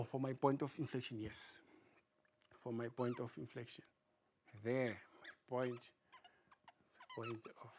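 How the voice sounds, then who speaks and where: Teacher posing rhetorical questions, repeating terms. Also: medium pitch. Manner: asks rhetorical questions and repeats key words. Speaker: maths teacher. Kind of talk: video maths lesson.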